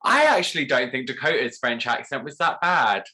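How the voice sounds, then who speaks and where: Bright, teasing male host. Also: mid-range voice, big pitch swings, normal speed. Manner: playful, teasing, campy. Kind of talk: casual interview chat.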